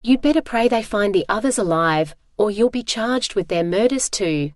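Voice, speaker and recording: A woman's voice: medium pitch, lively intonation, normal speed, no echo, clean studio sound, natural voice. A woman reading the lines of a curt, uniformed female jail guard in an audiobook. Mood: stern.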